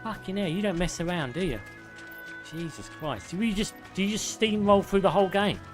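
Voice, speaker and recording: A man's voice: high voice, brisk, over music. A man with a British accent giving casual live commentary over a game, chatting with viewers and swearing freely. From United Kingdom. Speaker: game streamer.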